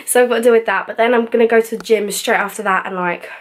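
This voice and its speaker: A woman's voice: fairly high pitch, steady tone. Breathless chatty young woman vlogger. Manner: fast, chatty and rambling. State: slightly out of breath. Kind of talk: casual vlog chat.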